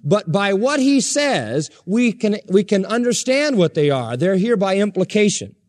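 A man's voice: sits high, sing-song, measured pace, a little mellow. A man preaching an expository sermon as a pastor, emphatic and stacking his points in repeated parallel phrases.

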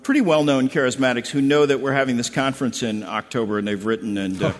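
A man's voice: mid-range voice, quick pace, in a large hall. A man hosting a radio discussion in an easy, conversational way, sometimes reading quotes aloud.

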